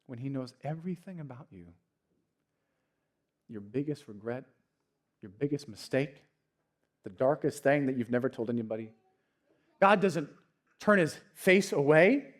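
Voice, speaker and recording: A young adult man, a pastor, preaching a sermon in an earnest, storytelling way that swings from hushed to raised. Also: medium pitch, expressive, a little slow, long pauses. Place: church.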